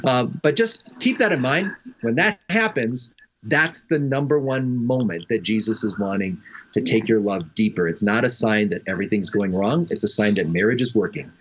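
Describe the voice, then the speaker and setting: A man giving earnest, gently reassuring advice as a guest on a call-in radio show. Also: lowish voice, normal speed, highs cut off.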